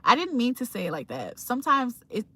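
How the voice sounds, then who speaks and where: Laid-back chatty woman, slightly high voice. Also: wildly swooping pitch, brisk, pushed and bright, no room sound. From Virginia, USA. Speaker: livestream host. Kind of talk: casual chat reading live comments.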